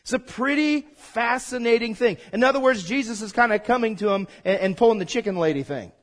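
A man's voice: extremely high pitch, fairly quick. A man preaching a sermon as pastor, conversational and folksy, prompting the congregation to call back.

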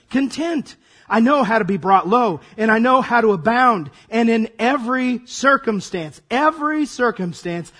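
A man preaching a sermon as pastor, his voice hoarse and raspy, acting out dramatic asides. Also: very high-pitched, fairly bright tone.

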